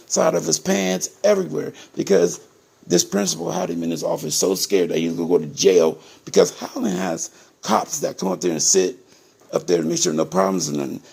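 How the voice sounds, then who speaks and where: Gravelly-voiced man addressing viewers directly. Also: on the high side, darkish tone. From Ohio, USA. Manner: emphatic and repetitive, addresses viewers as "people". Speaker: parent telling his story to viewers. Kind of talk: casual direct-to-camera monologue.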